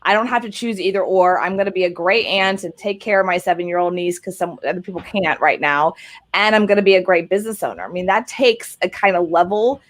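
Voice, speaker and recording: A woman's voice: fairly low pitch, brisk. Affirming woman host on a video call. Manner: encouraging, affirming, often adds "right?". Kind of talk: casual video interview.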